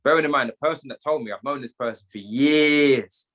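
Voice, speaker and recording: Bright-voiced British man telling a story. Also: medium pitch, brisk. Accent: British, London slang. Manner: animated, street slang, acts out dialogue. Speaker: guest, gym owner. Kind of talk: storytelling in a podcast interview.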